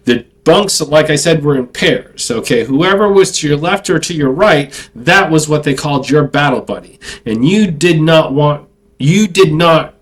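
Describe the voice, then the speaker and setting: A man's voice: mid-range voice, low-quality recording. A male army veteran telling a casual, rambling story with plenty of profanity and self-mockery.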